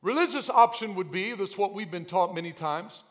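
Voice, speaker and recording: A man preaching a sermon as pastor, acting out the scene and swinging from hushed asides to shouted cries. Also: high voice, expressive, brisk. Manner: dramatic, acts out voices, swings from hushed to shouting.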